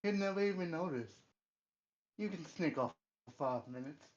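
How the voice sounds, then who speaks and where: A man voicing a cocky male adventurer who smoothly flirts with a barmaid in a casual way. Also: a little high, lively intonation, normal speed, close to an everyday voice. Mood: flirty. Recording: dull lo-fi mic.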